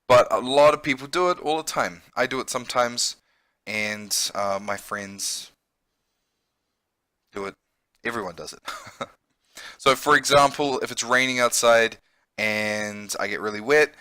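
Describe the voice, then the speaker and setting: Bright-voiced man teaching vocabulary. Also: medium pitch, dry recording. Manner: patient explaining, checks in with frequent "okay?". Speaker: English teacher. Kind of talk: vocabulary lesson.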